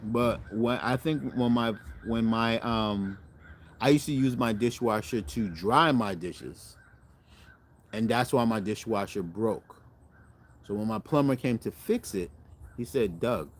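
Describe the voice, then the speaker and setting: A middle-aged man hosting a cooking channel, chatting casually to viewers in a rambling, self-correcting way and animating his stories. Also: fairly low pitch.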